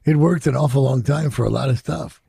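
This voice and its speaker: With a brisk delivery, an older man from Chicago candidly looks back on his life in an interview, swearing freely and slipping into quoted characters' voices. The sound is dry and close with no surrounding room, capturing his dark, mellow, deeply gravelly and husky tone as he reflects.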